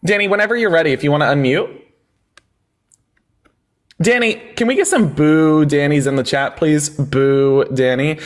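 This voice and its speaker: A man's voice: on the high side, moderate pace, long pauses. A man hosting a heated livestream debate, mocking and sarcastic, who often talks over the caller.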